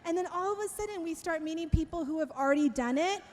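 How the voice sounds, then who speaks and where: Middle-aged woman speaker, very high voice, animated storyteller who laughs easily. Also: fast. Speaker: keynote speaker. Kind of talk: storytelling talk.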